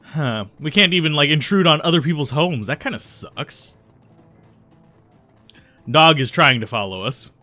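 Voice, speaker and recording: A man's voice: on the high side, animated, unhurried, long pauses, pushed and bright, soft background music. A man hosting a let's play, musing casually over a role-playing game and reading its text aloud, with frequent ums. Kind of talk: casual gameplay commentary.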